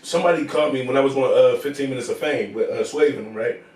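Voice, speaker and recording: A man talking casually as a podcast guest, emphatic and getting louder when he is annoyed. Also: medium pitch, fast. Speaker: podcast guest, battle rapper. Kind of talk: casual chat. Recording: roomy echo, far from mic.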